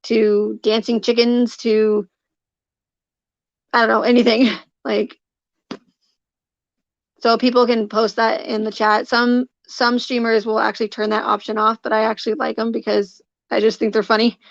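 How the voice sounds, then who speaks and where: A woman's voice: on the high side, flat delivery, normal speed, vocal fry, no echo, lo-fi sound. A woman live streaming, chatting casually with her viewers, rambling with lots of fillers and restarts and greeting people in the chat by name.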